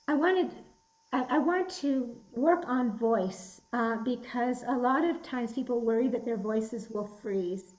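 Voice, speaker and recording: A woman instructor leading an online self-defense workshop, encouraging and giving clear commands. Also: sits high, darkish tone, reverberant, rough recording. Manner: encouraging, gives clear commands, laughs easily. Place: indoor room. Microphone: video call.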